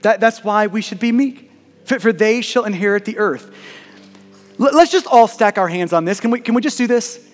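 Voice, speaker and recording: High-voiced man preaching in a big hall. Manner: earnest, emphatic, repeats words when stressing. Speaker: pastor. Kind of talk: sermon.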